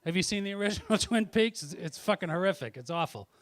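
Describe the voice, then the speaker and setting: A man's voice: sits high, lively intonation, quick pace, no echo. A middle-aged man doing a brash, profane stand-up set on a comedy club stage, teasing the audience between jokes. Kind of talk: stand-up set with crowd work.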